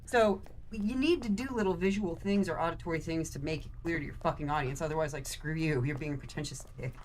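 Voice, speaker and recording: Low-voiced and quick, with a darkish tone and a slight hiss or hum in the recording, a tired young theater actor breaks down Shakespeare as a guest on a game stream. She keeps it sassy and casual, swearing offhandedly.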